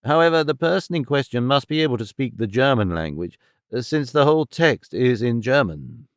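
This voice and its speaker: A man voicing a sharp, brisk detective who lays out his deductions in a crisp, decisive way. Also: medium pitch, expressive, dry recording, studio quality, lightly acted.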